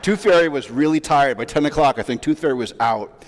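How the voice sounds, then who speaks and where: A man in his forties, a rabbi, giving a sermon as a relaxed, self-deprecating story full of asides. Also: a little high, fairly quick, slight background noise. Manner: chatty, self-deprecating, with many fillers and asides. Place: large synagogue sanctuary. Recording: long reverb of a large hall.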